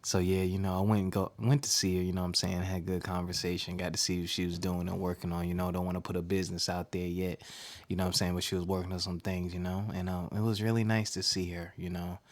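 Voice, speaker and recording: A man putting on a smooth, hushed late-night radio voice, low and crooning, as a comic bit on a podcast. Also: flat delivery, fast talker.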